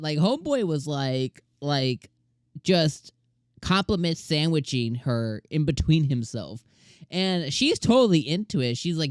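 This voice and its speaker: A man's voice: fairly high pitch, normal speed, no echo, clean studio sound. Chatty young man reviewing anime. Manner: animated, chatty, full of fillers and slang. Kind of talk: casual solo review.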